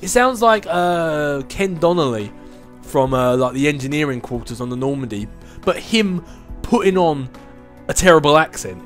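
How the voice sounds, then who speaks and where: A man's voice: a little high, lively intonation, normal speed, a bit bright, soft background music. A man in his twenties hosting a casual video Q&A, chatting in a rambling way with frequent restarts and laughs. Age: 20s. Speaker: YouTube channel host answering viewer questions. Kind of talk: casual chat.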